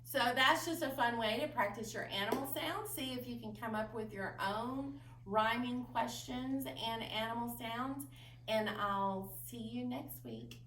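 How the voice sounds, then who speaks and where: A woman with a fairly high voice leads toddler story time as a children's librarian, reading rhymes in a cheerful, sing-song way. She speaks slowly and clearly for young children. The sound is roomy and echoey, with the voice a little distant from the mic. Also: fairly bright tone, slight background noise. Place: library room. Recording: echoey room, a bit far from the mic.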